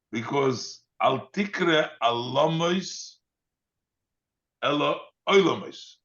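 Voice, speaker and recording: Slow-speaking rabbi teaching a text. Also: male voice, mid-range voice, fairly bright tone, highs cut off. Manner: reads Hebrew lines then translates, with fillers. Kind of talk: text study lesson.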